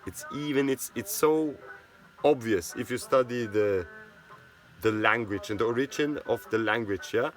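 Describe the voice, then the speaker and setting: This man, a native Swiss German speaker from Switzerland with a Swiss German accent, has a medium-pitched voice and speaks a little slowly. He gives a casual, rambling history talk, constantly tagging his sentences with "yeah?"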